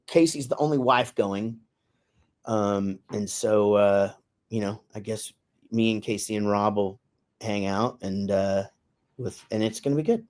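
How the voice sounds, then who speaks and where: A middle-aged man co-hosting a podcast in casual chat, rambling loosely and swearing now and then. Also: medium pitch. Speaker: podcast co-host.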